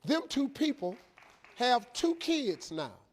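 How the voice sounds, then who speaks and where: A man's voice: extremely high pitch, big pitch swings, takes it slowly. A middle-aged man telling a folksy, emphatic, preacher-like story to a live audience as a motivational speaker.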